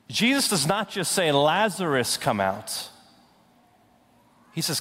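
A young adult man preaching a sermon, swinging from loud, rising declarations to hushed, slow intensity. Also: fairly high pitch, very animated. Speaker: pastor. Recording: long hall reverb.

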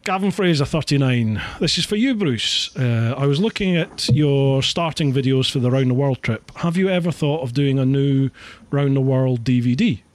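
A man's voice: mid-range voice, normal speed, few pauses, darkish tone, no room sound. A Scottish man hosting a casual chat over a call, chatty and self-deprecating, laughing often. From Scotland. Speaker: podcast host.

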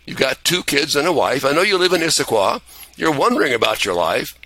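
A man voicing a grinning old male guardian angel in a chipper, coaxing, high voice. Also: sing-song, fairly quick, pushed and bright, dry recording, exaggerated voice. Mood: knowing.

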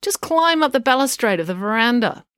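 A woman's voice: a little high, animated, a little fast, a bit bright, smooth, no echo, studio quality, pitched above the performer's own voice. A woman voicing a grumpy, bossy old woman on crutches who snaps and scolds. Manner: snappish, scolding.

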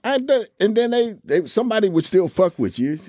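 A man's voice: high-pitched, big pitch swings, brisk, mellow, no echo, studio quality. A man in his sixties co-hosting a podcast, telling a story in a casual, laid-back way and swearing now and then. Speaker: podcast co-host. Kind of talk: casual chat.

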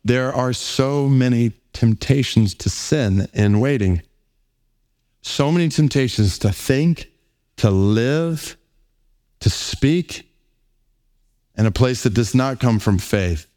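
Earnest preaching man, slow emphatic phrasing. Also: medium pitch, lively intonation, darkish tone. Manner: reads scripture aloud between points. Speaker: pastor. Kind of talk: sermon.

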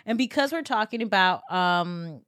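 A woman's voice: medium pitch, lively intonation, normal speed, a bit bright, no room sound, studio quality. A young adult woman hosting a casual podcast chat, giggly and playful, joking around and laughing often. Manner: giggly, playful, jokes in silly put-on accents. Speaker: podcast host.

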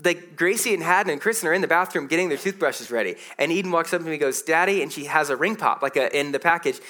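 A man in his thirties preaching a sermon as pastor, conversational and animated, telling stories with quick asides. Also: a little high.

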